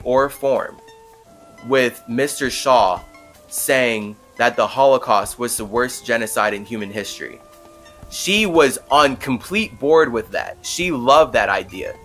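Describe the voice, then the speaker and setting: A young man hosting a podcast, telling a story in an animated, casual way with frequent fillers. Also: mid-range voice. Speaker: podcast host. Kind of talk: casual monologue.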